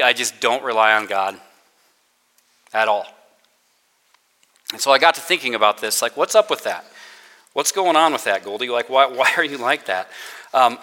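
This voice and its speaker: Bright-voiced man preaching in a reverberant hall. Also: mid-range voice. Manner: conversational and self-deprecating, with playful sarcasm and acted-out quotes. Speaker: director of spiritual formation, chapel speaker. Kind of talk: casual sermon to students.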